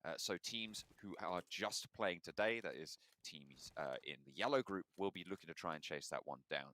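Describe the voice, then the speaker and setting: A man's voice: low-pitched, animated, normal speed, bright, forceful tone. A man casting an esports tournament, steadily talking through points and benchmarks. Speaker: esports caster. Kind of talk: esports commentary.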